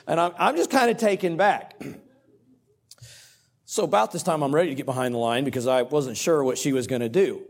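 A middle-aged man, a pastor and coach preaching a sermon through a personal story in a conversational, animated way. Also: on the high side, a little fast. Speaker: pastor and cross-country coach.

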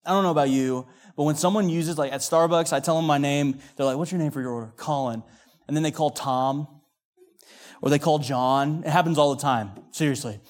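A man preaching a sermon, telling the story with acted-out quotes, rising loud and dropping hushed. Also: on the high side, steady tone, fairly quick.

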